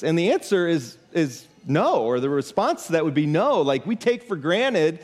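High-voiced man preaching a casual sermon. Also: big pitch swings, normal speed. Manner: conversational, emphatic preaching with rhetorical questions. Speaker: pastor.

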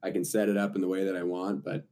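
A man's voice: low voice, completely flat delivery, quick pace, mellow. A man co-hosting a podcast, talking loosely and teasing with plenty of swearing. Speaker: podcast co-host. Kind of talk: casual chat.

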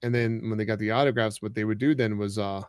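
A man's voice: on the low side, steady tone, quick pace, clear, resonant tone, no room sound. Rambling casual podcast guy, dry sound. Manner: rambling, lots of fillers and "like". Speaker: podcast co-host. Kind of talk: casual chat.

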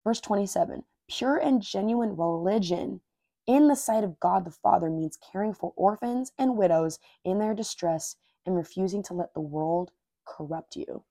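A woman with a soft, mellow voice hosts a casual devotional podcast. She reads verses aloud, repeats them, and reflects on them in earnest, everyday language. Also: mid-range voice, moderate pace, vocal fry, no room sound, studio quality. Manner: earnest and informal, says "dude" and "like"; openly moved and emotional. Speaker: podcast host.

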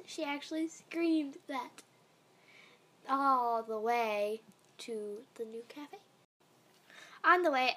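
Woman storyteller, high and slow, meandering fan story reading, casual asides. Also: a bit bright. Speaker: fan fiction reader.

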